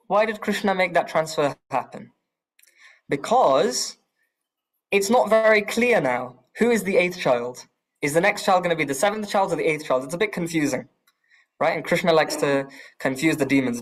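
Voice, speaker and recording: A man teaching a scripture class with a fairly high voice. He retells the story with animated swings in pitch and asks the room questions as he goes.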